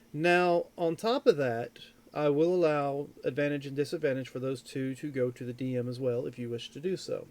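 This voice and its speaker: A man runs a live tabletop game as its game master, with a somewhat high voice. He talks in a chatty, rambling way and corrects himself mid-sentence as he works through announcements. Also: darkish tone. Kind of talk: casual live-stream chat and announcements.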